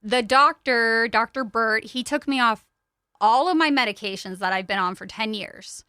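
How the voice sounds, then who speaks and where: Podcast guest, woman, open and chatty storyteller, crisp and resonant tone, dead-dry studio sound. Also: on the high side, normal speed, pushed and bright, no echo. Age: young adult to middle-aged. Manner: open and chatty, frequent "like" fillers. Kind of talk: candid personal storytelling.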